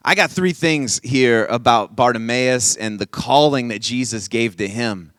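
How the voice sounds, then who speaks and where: A man preaching an energetic youth sermon at a camp session, playfully coaxing the audience to call back lines. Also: medium pitch, unhurried, dry recording. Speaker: camp speaker.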